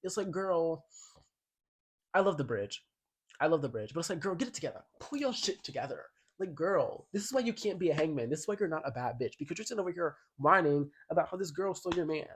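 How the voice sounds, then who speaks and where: A man talks through an album in a casual vlog. He sounds sassy and slangy and leans hard on his points, and his voice sits a little high for a man. Now and then he reads a song lyric aloud. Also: expressive, fast, a little hiss or hum. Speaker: music commentator.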